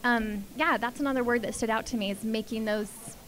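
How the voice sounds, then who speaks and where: A woman's voice: on the high side, fairly quick, a bit bright. A woman in the audience sharing a spontaneous comment, thinking aloud hesitantly with many ums. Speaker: audience member.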